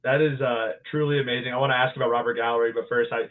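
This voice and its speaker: A man's voice: mid-range voice, steady tone, rapid-fire. A man hosting a podcast, asking friendly, rambling questions in casual chat. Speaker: podcast host. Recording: tinny phone-like line.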